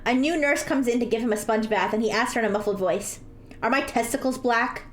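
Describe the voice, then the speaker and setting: A woman's voice: fairly high pitch, fast talker. A woman streamer reading jokes aloud in a giggly way that keeps breaking into laughter. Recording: roomy echo, faint music behind.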